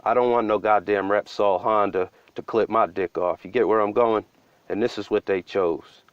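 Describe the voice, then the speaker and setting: Low male voice, conspiratorial profane ranter, close dry dull-sounding mic. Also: steady tone, normal speed, no echo. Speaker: video commentator. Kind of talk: conspiracy-style breakdown commentary.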